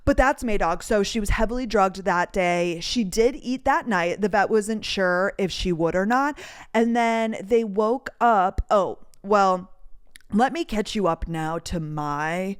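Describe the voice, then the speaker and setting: A woman's voice: medium pitch, unhurried, clear, resonant tone. A woman from North Dakota hosting her own podcast, telling a story in a rambling, chatty way with lots of "like" and casual swearing. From North Dakota, USA. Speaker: podcast host. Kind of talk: casual solo storytelling chat.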